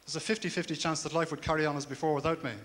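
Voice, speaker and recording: Deadpan Dublin comedian on a live stage. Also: male voice, fairly high pitch, rapid-fire. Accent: Dublin Irish. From Ireland. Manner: dry, deadpan delivery with hesitant fillers. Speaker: stand-up comedian. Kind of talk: deadpan stand-up set. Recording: live hall recording with reverb and faint ambient noise.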